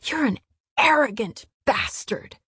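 A woman reading the lines of a proud, sharp-tongued young woman, snapping back in a raised, defiant voice. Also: mid-range voice, measured pace, breathy edge, no echo.

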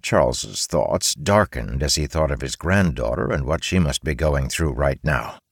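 A man narrating an audiobook in an expressive storytelling manner, recorded close on a studio mic. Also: extremely low pitch, a little slow, slightly rough, dry recording. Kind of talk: scripted narration.

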